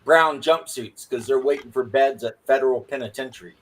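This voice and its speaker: A man's voice: medium pitch, brisk. A man co-hosting a livestream in casual chat, telling rambling stories with stammered restarts. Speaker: livestream co-host.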